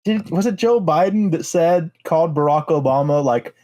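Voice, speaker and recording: A young man co-hosting a podcast, teasing and animated, breaking into quick laughter. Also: fairly high pitch. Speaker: podcast co-host. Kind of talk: casual podcast banter.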